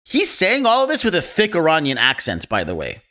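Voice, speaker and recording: Podcast host, male, bright tone, animated and opinionated storyteller. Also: fairly high pitch, a little fast. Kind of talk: casual film discussion.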